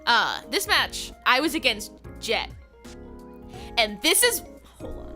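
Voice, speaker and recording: A woman's voice: a little high, slow, pauses often, soft background music. A young woman streamer chatting casually on a livestream, ranting with laughter and frequent swearing. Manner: animated, swearing, laughing rants. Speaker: VTuber streamer.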